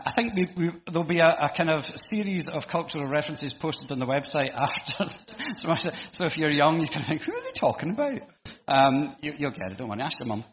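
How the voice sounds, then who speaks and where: In an echoey church hall that dulls the audio slightly, a middle-aged man preaches a casual, self-mocking sermon full of ums and false starts. His voice sits a little high and has a bit of brightness.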